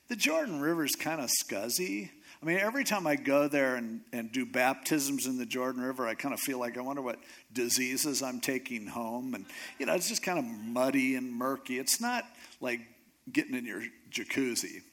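A middle-aged male pastor preaching a sermon, retelling a Bible story in a lively, conversational way and acting out the characters' lines. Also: medium pitch. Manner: animated storytelling, acting out characters in quick asides.

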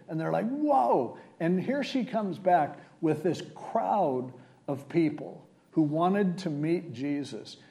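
A man's voice: on the high side, warm tone. A male preacher giving a sermon, retelling scripture in a casual, conversational way.

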